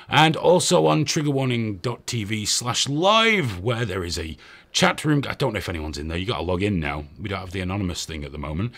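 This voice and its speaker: A man's voice: fairly low pitch, big pitch swings, brisk, a bit bright. A man hosting a live stream in casual, joking chat, swearing freely and out of breath from running around. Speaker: host.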